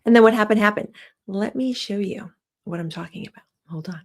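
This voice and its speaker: A woman's voice: medium pitch, moderate pace. A woman vlogger giving chatty, opinionated commentary with many fillers. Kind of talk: casual vlog commentary.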